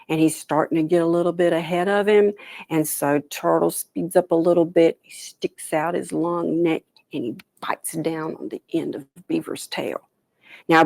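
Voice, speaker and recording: A woman storyteller telling a traditional folktale aloud, animated, with dramatic pauses and soft whispered asides. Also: on the low side, gravelly, no room sound.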